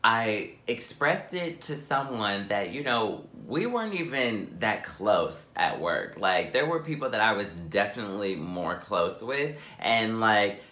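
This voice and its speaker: A young man telling a personal story for his vlog, animated and dramatic, with lots of "like". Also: fairly low pitch, unhurried, hardly any pauses, echoey room. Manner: animated, dramatic, heavy use of "like".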